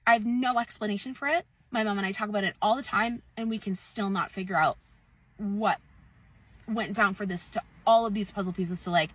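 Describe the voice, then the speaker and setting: A woman's voice: mid-range voice, a little fast, fairly bright tone, breathy edge, dry recording, recorded from a distance. A woman earnestly recounting an eerie shared dream, stressing her disbelief. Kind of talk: casual spooky storytime. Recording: dry, a bit off-mic.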